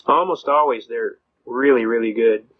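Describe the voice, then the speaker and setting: A man's voice: medium pitch, moderate pace, a little hiss or hum. A middle-aged American man telling courtroom stories in a blunt, folksy way. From United States. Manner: folksy, blunt, repeats words when starting a sentence. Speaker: speaker on self-representation in court. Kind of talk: folksy storytelling lecture. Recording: dull lo-fi recording.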